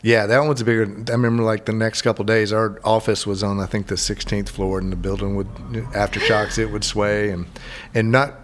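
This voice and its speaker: A man's voice: lowish voice, brisk. A middle-aged man hosting a casual interview, talking in a loose, rambling way. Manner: rambling, relaxed, many restarts. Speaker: host.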